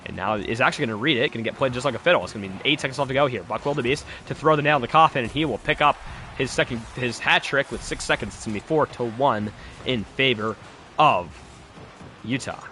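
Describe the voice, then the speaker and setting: A young man calls a live esports match from home at a rapid clip. His voice is bright and forward, and he piles up quick play-by-play with joking asides. He speaks into a desktop mic. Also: medium pitch, slight background noise. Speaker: esports caster.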